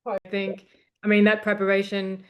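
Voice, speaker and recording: A woman hosting a conversation, speaking in a calm, measured way. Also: mid-range voice. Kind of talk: podcast conversation.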